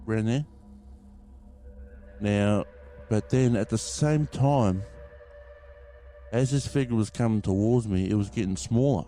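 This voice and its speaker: A man's voice: fairly low pitch, warm tone. A man hosting a podcast, rambling casually through a story and swearing freely as he talks to his listeners. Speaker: podcast host.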